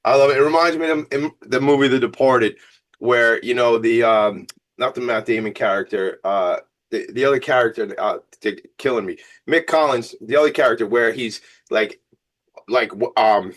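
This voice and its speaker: A man hosting a radio talk show, speaking with a Long Island New York accent, excitable and rambling, cracking jokes. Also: medium pitch, moderate pace. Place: radio studio.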